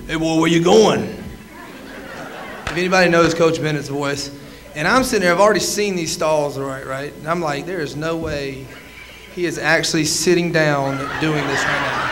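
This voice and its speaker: A man's voice: fairly high pitch, a little hiss or hum, low-quality recording. A man in his twenties giving a comedy roast speech, teasing with lots of "uh"s and stops. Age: 20s. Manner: joking, teasing, many filler "uh"s. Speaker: roaster, former quarterback.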